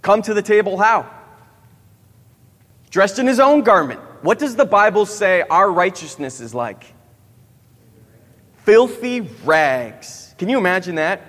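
A man's voice: high voice, animated, measured pace, long pauses, fairly bright tone. A man in his thirties preaching a sermon, asking the audience questions and tagging many lines with "right?". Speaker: youth pastor. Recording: long hall reverb.

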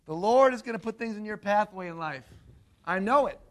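A man preaching a sermon to a congregation, animated and quizzing his listeners with questions. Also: high-pitched, a little fast. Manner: animated, asks the audience questions.

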